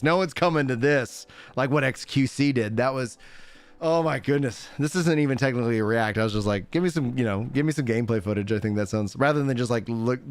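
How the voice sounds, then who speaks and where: A man's voice: medium pitch, smooth. A man in his thirties hosting a livestream, talking casually, rambling with lots of fillers and frequent laughs. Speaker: livestream host. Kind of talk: casual chat.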